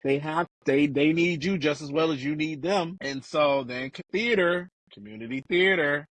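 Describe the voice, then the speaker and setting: A middle-aged man from Chicago, guest in a casual interview, telling stories animatedly and acting out quotes with big pitch jumps. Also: moderate pace, fairly bright tone, dry recording.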